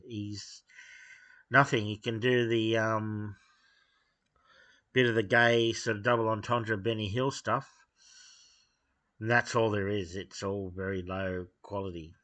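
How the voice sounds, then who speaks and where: Blunt, halting man with a bright voice. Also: medium pitch. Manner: blunt and dismissive, halting with many fillers. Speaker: video host giving opinions. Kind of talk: unscripted opinion monologue.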